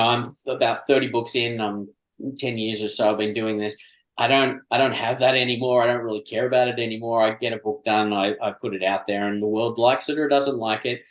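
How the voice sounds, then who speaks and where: A man, an author guesting on a podcast, talks candidly about his work in a mid-pitched voice. He is reflective and fills his pauses with ums. The room around him rings with a noticeable echo. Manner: reflective and candid, with frequent fillers. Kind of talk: casual podcast chat. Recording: roomy echo.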